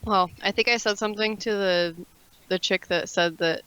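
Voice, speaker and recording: A woman's voice: medium pitch, fairly even intonation, normal speed, fairly bright tone, clear, resonant tone, low-quality recording. A young woman chatting casually on a stream, giggly and a little self-conscious as she tells her story. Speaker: stream guest. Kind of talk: casual chat on a live stream.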